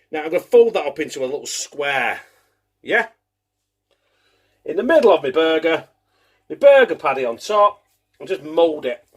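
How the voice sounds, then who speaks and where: A man's voice: a little high, a bit bright. A man hosting a casual home cooking show, chatty, laughing and swearing as he works in his kitchen.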